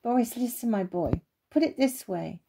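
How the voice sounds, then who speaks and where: A woman voicing a brisk, bossy old male bird in a children's storybook. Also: on the high side, animated, vocal fry, dark tone, slight background noise. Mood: stern.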